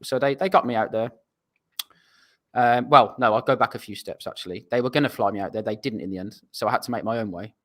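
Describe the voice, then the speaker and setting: A guest footballer from England, speaking fast with a medium-pitched, fairly bright voice, tells a rambling, anecdotal story in a self-deprecating way. It's casual storytelling.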